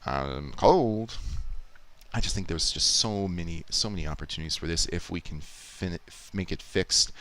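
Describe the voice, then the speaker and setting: A man's voice: low voice, fairly quick, hardly any pauses, sharp tone. A man casually talking through his video editing on a live stream, explaining and thinking aloud with restarts. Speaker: YouTube Poop editor streaming.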